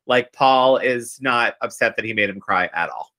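A man with a bright, forceful voice chats on a podcast about a reality show. He gossips with plenty of energy and swears casually. His pitch sits in the middle of the usual range. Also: moderate pace. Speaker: podcast co-host.

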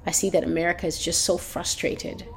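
A woman's voice: lowish voice, level tone, a little fast, creaky, a little hiss or hum. A woman delivering a fervent prophetic sermon on a prayer call, repeating phrases for emphasis. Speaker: prophetic preacher. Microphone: phone line.

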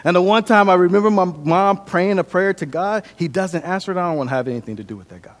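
A man's voice: sits high, fast. A young man from the American Midwest giving a sermon, telling his life story with earnest energy that rises and drops. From Milwaukee, Wisconsin. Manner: earnest storytelling, shifting from loud to quiet. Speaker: preacher. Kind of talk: sermon with personal testimony.

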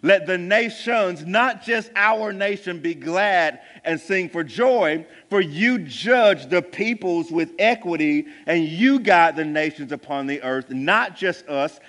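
A man preaching a sermon as pastor, building to loud emphatic peaks and then dropping quiet. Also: fairly high pitch, expressive, takes it slowly, hardly any pauses. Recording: long church hall reverb.

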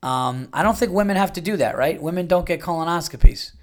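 A man's voice: on the high side, animated, brisk. A man, under fifty, hosting a podcast in a casual monologue, blunt and crude, rambling with many fillers. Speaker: podcast host.

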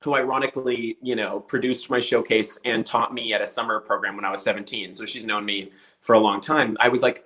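A man's voice: lowish voice, quick pace, poor audio. A man telling a story casually, acting out the voices of the people in it. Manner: animated storyteller acting out quotes.

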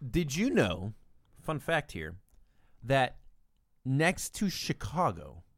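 A man's voice: mid-range voice, sing-song, slow, dry recording, clean studio sound. A man from the United States in casual podcast chat, opinionated and sarcastic, griping with gusto. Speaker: podcast co-host.

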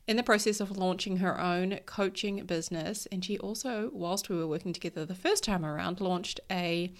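A woman, hosting a podcast as a life coach, sounding nasal from a cold and talking in an upbeat, blunt way. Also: on the low side. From New Zealand. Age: 30s. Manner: upbeat, blunt, swears casually. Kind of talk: casual chat.

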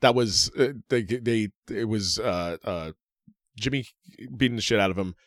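Low-voiced guy rambling excitedly about a match, lots of restarts, dry close mic. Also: moderate pace, no echo. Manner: excitable, rambling, laughing often, many restarts. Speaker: podcast co-host. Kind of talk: casual wrestling recap chat.

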